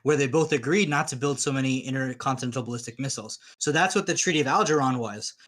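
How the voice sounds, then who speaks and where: A man's voice: medium pitch, quick pace, a bit bright. A man in a casual group chat, agreeing readily and explaining points. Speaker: watch-along participant.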